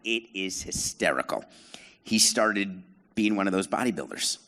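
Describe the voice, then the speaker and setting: A man's voice: low voice, animated, normal speed, bright, forceful tone. A middle-aged man hosting a live podcast show on stage, telling stories to an audience in a sarcastic, self-deprecating way and needling the crowd. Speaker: podcast host and former baseball team president.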